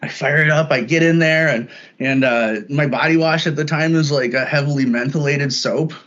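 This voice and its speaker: Halting man telling a personal story. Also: a little high, fairly even intonation, fairly bright tone. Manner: halting, often repeats words when starting a thought. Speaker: podcast guest. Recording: dull lo-fi sound.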